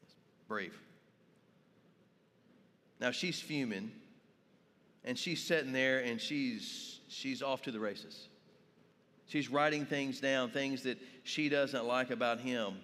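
Pastor guy giving a sermon in a church, slow and drawn out, long hall echo. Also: mid-range voice, a bit bright. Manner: asks the congregation questions, tells stories. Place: church sanctuary.

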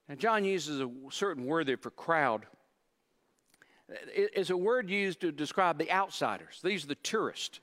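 A man's voice: a little high, lively intonation, a little slow, fairly bright tone. A pastor preaching a sermon, earnestly explaining scripture and often repeating his words as he restarts. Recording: long hall reverb.

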